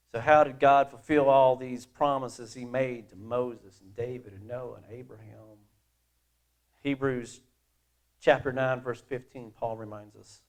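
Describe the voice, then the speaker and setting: A middle-aged male pastor delivers a sermon in a relaxed, conversational way. His voice sits in an ordinary middle pitch for a man. He leans hard on key phrases and tosses off quieter asides. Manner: conversational and animated, swinging between loud emphasis and quiet asides.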